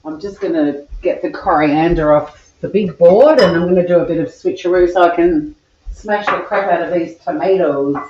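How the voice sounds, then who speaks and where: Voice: mid-range voice, normal speed, darkish tone, highs cut off, a little hiss or hum. A home cook with an Australian accent chatting casually while cooking in a home kitchen, joking crudely and rambling as they go. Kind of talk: casual cooking vlog chat.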